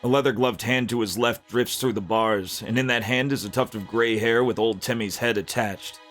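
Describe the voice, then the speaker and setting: A man reading a dark, violent fantasy story aloud in an unhurried, gritty narration. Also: mid-range voice, faint music behind.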